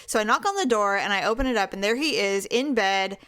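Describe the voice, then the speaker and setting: A woman co-hosting a podcast, telling a bad-date story in a frank, animated way, acting out the dialogue and laughing often. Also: medium pitch, quick pace. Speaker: podcast co-host. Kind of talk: casual storytelling chat.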